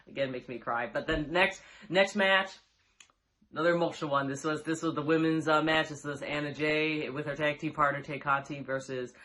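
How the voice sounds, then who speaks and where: A man's voice: fairly high pitch, sharp tone. A man giving a casual, rambling reaction to a wrestling show, full of fillers and restarts, often laughing as he talks. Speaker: vlogger reviewing a wrestling show.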